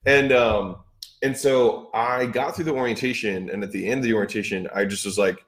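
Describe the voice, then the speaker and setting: A man's voice: on the low side, brisk, reverberant. A man hosting a podcast, telling sales stories casually with many fillers and restarts and acting out both sides of past conversations. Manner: rambling, filler-heavy, acts out past dialogue. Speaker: podcast host. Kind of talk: casual business talk.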